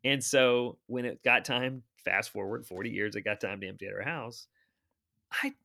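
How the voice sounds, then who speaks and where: A man in his fifties, an author guest, telling anecdotes in a chatty, animated way. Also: medium pitch, normal speed, vocal fry. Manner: animated storyteller, chatty asides. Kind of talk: anecdotal storytelling.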